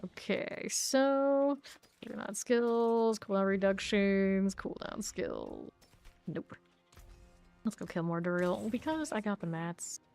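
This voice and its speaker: A woman's voice: medium pitch, slow, a little mellow, faint music behind. A woman streaming a game, chatting casually to herself as she plays, humming and counting under her breath. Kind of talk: casual gameplay commentary.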